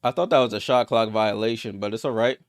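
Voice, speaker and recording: A man giving live play-by-play of a basketball game as a streamer, getting louder on big plays and greeting viewers in the chat. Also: quick pace, clean tone, no room sound, clean studio sound. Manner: rises sharply in pitch and volume on big plays.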